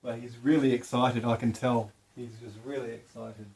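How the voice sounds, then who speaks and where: A man chatting excitedly at home beside a fish tank, often cooing to his pet fish in a high sing-song voice. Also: moderate pace. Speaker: vlogger. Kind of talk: casual home vlog.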